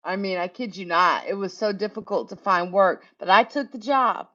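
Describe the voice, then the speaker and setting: At a moderate pace and medium pitch, with a fairly bright tone, a middle-aged woman from the United States who hosts a tech channel recounts a candid work story laced with profanity. The chat is casual and she laughs often; the recording is dull and lo-fi.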